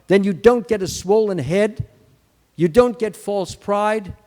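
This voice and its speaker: A man's voice: high voice, a little mellow. A man giving a Sunday temple sermon, telling a story, acting out the quoted lines and restarting words as he goes. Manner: acts out quotes, restarts words, lists qualities slowly. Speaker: Hare Krishna swami giving a Sunday lecture. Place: temple hall. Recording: long hall reverb.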